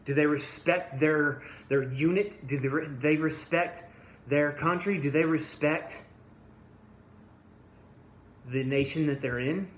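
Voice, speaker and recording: A man delivering an angry, blunt monologue straight at his listeners, swinging from low mutters to loud outbursts. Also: takes it slowly, long pauses, reverberant, a little hiss or hum. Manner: blunt, combative, addresses listeners directly. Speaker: vlogger.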